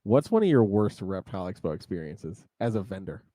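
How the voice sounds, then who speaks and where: A man's voice: low voice, big pitch swings, fairly quick, warm tone, dry recording, clean studio sound. A man co-hosting a podcast in casual chat, laid-back and laughing easily. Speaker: podcast co-host.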